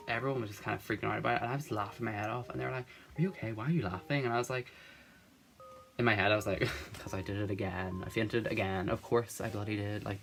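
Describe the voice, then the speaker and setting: A man's voice: fairly low pitch, a bit bright. Giggly rambling teen guy. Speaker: vlogger. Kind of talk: casual storytime chat.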